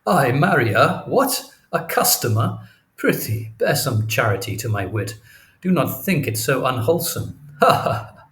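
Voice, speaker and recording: A man's voice: mid-range voice, sing-song, normal speed, natural voice. A male audiobook reader voicing a carefree, laughing young lieutenant with a breezy, mocking manner. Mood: mocking laughter. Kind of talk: audiobook character reading.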